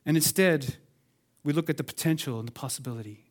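A man preaching a sermon as pastor, swinging between loud emphatic lines and hushed ones, calling on the congregation to respond. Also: a little high, fast.

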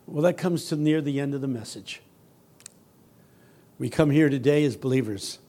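A man giving a sermon as a guest preacher, telling humorous stories that build from quiet, earnest passages to loud, shouting ones. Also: mid-range voice, moderate pace. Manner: humorous, teasing the audience.

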